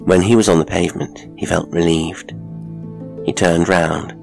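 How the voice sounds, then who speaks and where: A man narrating a classic horror story in a measured, atmospheric way. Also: sits low, steady tone, vocal fry, over music. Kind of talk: scripted horror audiobook narration.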